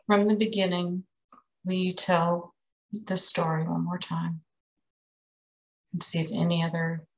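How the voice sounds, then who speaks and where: Gravelly woman guiding a healing session. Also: fairly low pitch, flat delivery, measured pace, long pauses, slight background noise, rough recording. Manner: gentle, guiding prompts.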